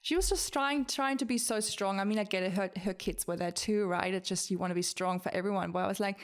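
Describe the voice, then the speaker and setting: A woman's voice: mid-range voice, steady tone, quick pace. Woman telling stories with a reassuring manner. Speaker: podcast co-host. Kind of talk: casual chat.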